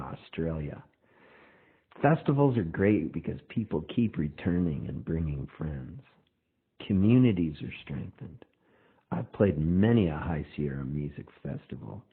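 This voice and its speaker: A middle-aged man, a touring folk singer, rambling through a spoken monologue intro with drawn-out lines. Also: sits low, husky. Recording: tinny phone-like sound.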